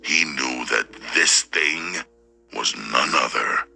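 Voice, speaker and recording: A man narrating a short horror story slowly and deliberately, with a preacherly tone, as a storybook reader. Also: a bass voice, creaky, pushed and bright, breathy edge, faint music behind. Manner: slow, deliberate, preacherly delivery.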